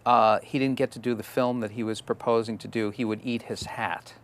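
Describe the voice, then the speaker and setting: A man hosting an interview, asking halting questions with frequent restarts. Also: medium pitch, fairly even intonation, a little hiss or hum. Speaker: host.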